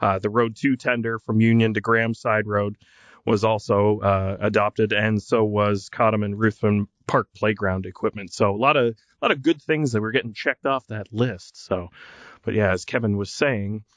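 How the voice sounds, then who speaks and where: A man's voice: fairly low pitch, steady tone, moderate pace, fairly bright tone, no echo. Joking man co-hosting a podcast. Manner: joking, laughs often. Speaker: podcast co-host. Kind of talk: casual chat.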